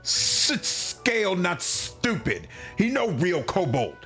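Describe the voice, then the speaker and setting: A man's voice: high voice, huge pitch swings, slow pace, sharp tone, soft background music, full character voice. A man voicing a proud small male kobold chief who blusters in broken pidgin speech. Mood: indignant.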